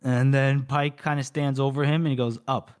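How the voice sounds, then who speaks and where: A man's voice: mid-range voice, level tone, a little fast, a little mellow, smooth. A man co-hosting a podcast, casually retelling a book's chapter with lots of fillers and quoted dialogue. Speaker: podcast co-host. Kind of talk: casual book recap.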